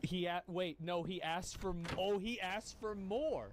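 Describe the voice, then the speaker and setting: A man talks over a video he is watching, joking with dry sarcasm and circling back on his own words. His voice sits a little high for a man. There is a faint hiss of noise under him. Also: unhurried. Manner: sarcastic, rambling, with frequent restarts. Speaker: streamer reacting to a video. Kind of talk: casual live-stream commentary.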